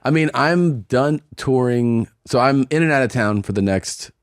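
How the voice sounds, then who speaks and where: A man in his thirties, a fellow comedian, chatting excitably with casual swearing. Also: mid-range voice, moderate pace, clean tone, dry recording, clean studio sound. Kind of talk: casual chat.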